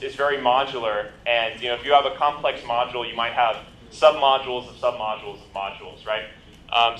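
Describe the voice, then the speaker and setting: Echoey, bright-voiced male lecturer. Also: medium pitch. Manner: explains with many ums and you-knows, asks "right?". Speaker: bootcamp instructor. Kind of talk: live lecture with coding demo. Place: lecture hall. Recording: echoey lecture room with faint noise.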